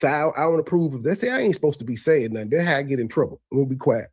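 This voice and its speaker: A man's voice: a little high, expressive, very fast, darkish tone, dry recording. A man hosting a casual reaction commentary, talking in looping, stammering restarts. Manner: repetitive stammering restarts, conversational. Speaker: commentary host reacting to a replayed clip.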